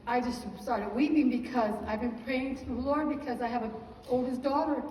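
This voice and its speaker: Higher-voiced woman giving church testimony. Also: moderate pace, darkish tone, slight background noise. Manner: earnest storytelling, praising God between sentences. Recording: echoey hall from far off.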